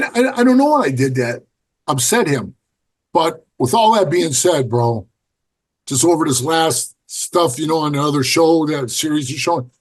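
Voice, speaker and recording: Man, middle-aged, slightly high voice, husky, blunt and profane, animated storytelling. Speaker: podcast guest, former biker club member. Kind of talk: casual storytelling interview.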